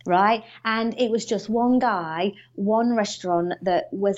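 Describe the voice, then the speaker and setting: A woman from the UK, a guest on a podcast, telling stories in an animated, emphatic way. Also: on the low side, dull audio. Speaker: guest, financial advisor coach. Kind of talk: casual podcast interview.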